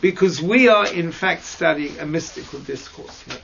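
A man teaching mystical texts in a slow lesson over a video call, hesitant and searching for words with fillers and restarts. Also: creaky, a bit bright. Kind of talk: slow explanatory lesson with many pauses. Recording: dull low-fi audio with faint noise.

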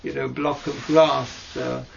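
A man teaching mystical texts in a slow lesson over a video call, hesitant and searching for words with fillers and restarts. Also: flat delivery, creaky. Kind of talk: slow explanatory lesson with many pauses. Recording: dull low-fi audio with faint noise.

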